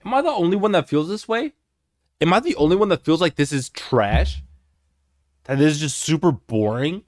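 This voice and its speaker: A man's voice: fairly high pitch, animated, moderate pace, darkish tone. A man whose first language is German, giving casual reaction commentary as a music reaction host, exasperated and mocking.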